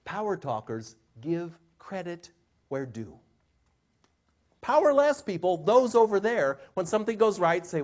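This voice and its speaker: Lively high-voiced man giving a seminar. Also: measured pace. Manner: animated, acts out quotes in changing voices. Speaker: communication trainer. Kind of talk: live seminar talk. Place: seminar room with an audience.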